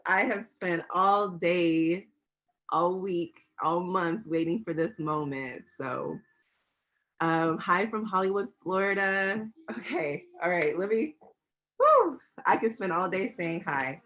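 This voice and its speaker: A woman craft instructor greeting a big online class, excited and bubbly and laughing often, on a webcam mic. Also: mid-range voice, slow pace, poor audio.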